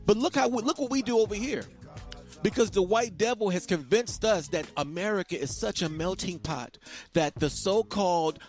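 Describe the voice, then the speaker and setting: A man's voice: high-pitched, moderate pace, darkish tone, faint music behind. A man hosting a podcast, talking in an emphatic, repetitive monologue and preaching to his listeners. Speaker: podcast host. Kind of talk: casual monologue.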